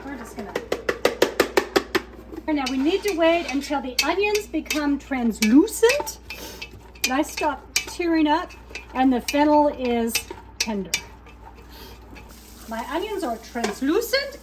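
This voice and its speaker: A woman with a high voice talks through a recipe in her home kitchen, chatty and quick to poke fun at herself. Dishes and pans clatter clearly behind her as she works. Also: slight background noise. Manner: chatty, self-mocking, talks to herself while cooking. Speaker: cooking vlogger. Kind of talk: casual cooking video.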